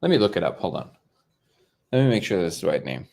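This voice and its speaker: A man with a fairly low voice hosts a casual livestream, chatting loosely with plenty of fillers and false starts. He now and then wanders away from the microphone, so his voice comes and goes in strength. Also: sing-song, fast talker, creaky, dark tone, a little hiss or hum. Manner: rambling, hesitant, many fillers and restarts. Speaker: livestream host. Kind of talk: casual live chat.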